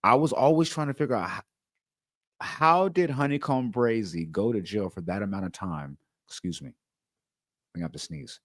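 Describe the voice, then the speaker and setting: A man with a lowish voice hosts a livestream interview, earnest as he talks to his guest and his viewers. The sound is close and dry. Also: lively intonation, moderate pace, no room sound. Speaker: host.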